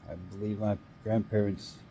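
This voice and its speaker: A man's voice: lowish voice, flat delivery, moderate pace, dark tone, slight background noise. A Canadian man ranting in an angry, emphatic monologue, swearing now and then.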